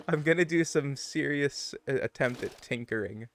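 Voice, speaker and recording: A man's voice: mid-range voice, a little slow. A man chatting casually with his stream viewers, rambling and thinking aloud as he plays. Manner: chatty, digressive, muses about pronunciation. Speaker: livestream gamer.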